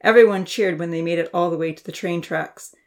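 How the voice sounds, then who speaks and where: A woman narrating a children's storybook in an expressive, lively reading voice. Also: lowish voice, a little fast.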